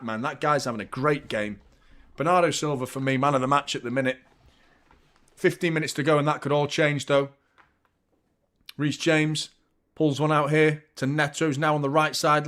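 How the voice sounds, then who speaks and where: A man's voice: medium pitch, fairly bright tone. A young man hosting a live football watchalong, commenting on the match and swearing freely as he gets heated.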